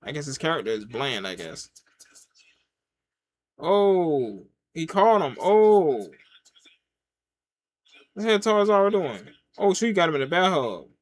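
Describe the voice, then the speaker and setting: A man reacts live to a wrestling broadcast, his fairly high voice bouncing all over the place. He yelps at big moves, then drops to a low mutter, talking in loose slang to himself and his viewers. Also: moderate pace, long pauses. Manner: animated, swings from loud excited yelps to low mutters; casual slang, talks to himself and the chat. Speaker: wrestling watch-along reviewer. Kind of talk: casual live reaction commentary.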